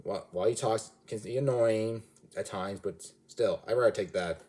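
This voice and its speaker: A man's voice: lowish voice, moderate pace, a little mellow. A man giving a casual, rambling movie review, often restarting and correcting himself mid-sentence. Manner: rambling, self-correcting, chatty.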